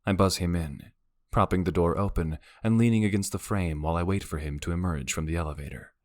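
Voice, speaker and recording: A male narrator reads a romance audiobook in the first person, with a wry, brooding delivery. His voice sits very low. The recording is close and dry. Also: fairly quick, a little mellow, dry recording.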